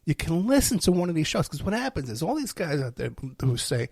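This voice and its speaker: Male host, rambling and sarcastic, husky slightly high voice, dry close sound. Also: very animated, a little fast, darkish tone, no echo. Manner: rambling, sarcastic, self-mocking. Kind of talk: casual ranting monologue.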